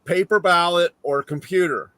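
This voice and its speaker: A man hosting a casual chat, telling a long story in a wry, deadpan way and acting out both sides of the dialogue. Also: high-pitched, normal speed, no echo. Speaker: host.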